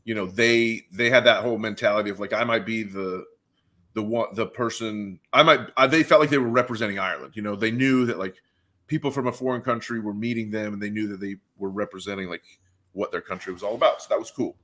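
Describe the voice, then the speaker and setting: A man from Carolina, hosting a podcast, telling a story in an animated way full of fillers. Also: on the low side, fast talker. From Carolina, USA. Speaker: podcast host. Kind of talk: casual chat.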